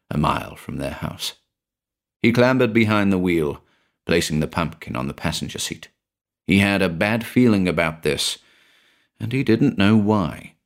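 A man narrating a short story in a measured, expressive way, with a British accent. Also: low voice. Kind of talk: scripted narration.

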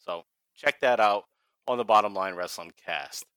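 A man's voice: lowish voice, normal speed, bright, forceful tone, clear, resonant tone, no room sound. A man from Massachusetts with a Boston accent, hosting a casual wrestling podcast, swearing freely and laughing often. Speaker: podcast host.

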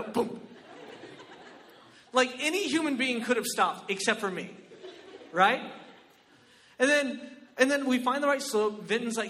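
High bright-voiced guy doing stand-up, animated, keeps saying right?, big reverby hall. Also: moderate pace, pauses often, a little hiss or hum. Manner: animated, exclamatory, frequent rhetorical "right?". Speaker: comedian. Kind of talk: stand-up storytelling.

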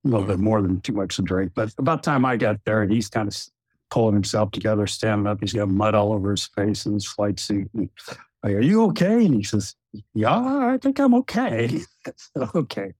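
A man's voice: fairly low pitch, a little fast, no echo. Chuckling man telling a war story. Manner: chuckling, relaxed anecdote telling. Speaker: retired general, former wing commander. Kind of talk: storytelling in podcast chat.

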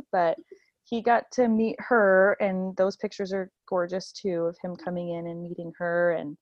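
Woman in her thirties telling a birth story with emotion, animated and quick to laugh; dry, close sound. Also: dry recording, dull audio. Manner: animated, laughs often, acts out quotes in a high voice. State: emotional, near tears. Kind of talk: emotional storytelling in casual chat.

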